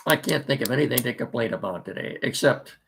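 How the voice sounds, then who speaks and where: A man's voice: mid-range voice, creaky, noisy background. A middle-aged man hosting a casual sports talk show, folksy and rambling with many fillers, his voice congested from allergies and a cough.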